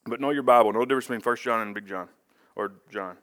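Chatty preacher with a bright voice. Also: male voice, medium pitch, fast. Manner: conversational, rambling with asides and self-corrections. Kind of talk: casual sermon.

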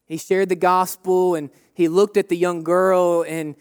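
A man's voice: high voice, flat delivery, a little slow, clean tone. A forty-year-old male pastor delivers a fervent sermon. He drives his points home with short, repeated emphatic phrases. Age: 40s.

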